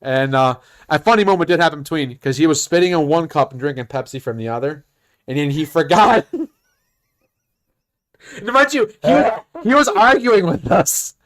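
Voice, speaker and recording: A man on a casual podcast, telling a work story in an animated, profane way. He breaks into laughs often, and his voice sits a little on the high side. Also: moderate pace. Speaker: podcast host.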